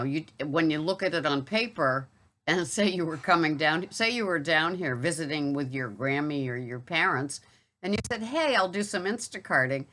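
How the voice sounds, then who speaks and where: Chatty low-voiced woman with a bright edge. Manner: chatty and rambling, with asides and fillers. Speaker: grocery delivery shopper. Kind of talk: casual vlog monologue.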